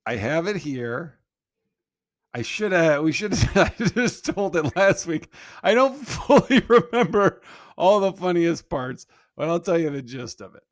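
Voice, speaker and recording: A man's voice: on the high side, a little slow, no room sound. Guy in his 30s on a podcast telling a funny kid story, does the voices, dry close sound. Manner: animated storyteller, acts out quotes in raised voice. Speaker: podcast co-host. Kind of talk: casual chat.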